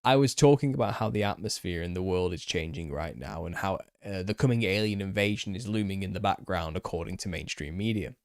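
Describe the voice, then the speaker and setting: A man in his thirties with a Northern English accent, talking loosely through viewer comments on a live stream. His voice sits on the low side, with a dry, close sound and no room around it. He rambles and chuckles as he goes. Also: dry recording. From England. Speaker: channel host.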